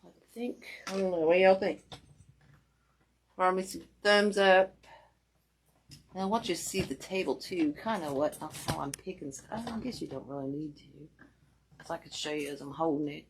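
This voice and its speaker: A woman's voice: lowish voice, moderate pace, pauses often, husky. A woman, chatting casually to viewers while demonstrating a craft project live. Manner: chatty, talks to viewers directly, self-deprecating. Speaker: wreath-making class host.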